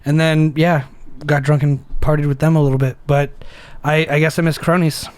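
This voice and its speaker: A young man co-hosting a casual podcast over beers, rambling and laughing often, jumping into high voices when imitating people. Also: little pitch movement, normal speed, darkish tone, smooth, no room sound. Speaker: podcast co-host.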